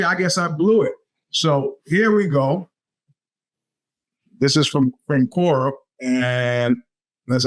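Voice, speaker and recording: Podcast host: middle-aged New man, slightly raised pitch, loose rambling storyteller. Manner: rambling storyteller with many restarts and fillers. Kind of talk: casual monologue.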